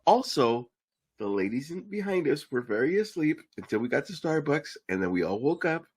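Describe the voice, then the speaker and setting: A man's voice: fairly high pitch, big pitch swings, normal speed, darkish tone, breathy edge. A man co-hosting a casual podcast, joking about himself and swearing freely. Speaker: podcast co-host. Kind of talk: casual chat.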